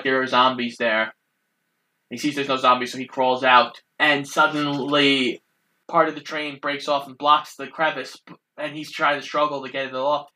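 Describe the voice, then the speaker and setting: A podcast co-host narrating a film's plot in a steady, matter-of-fact way. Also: mid-range voice, slight background noise, rough recording.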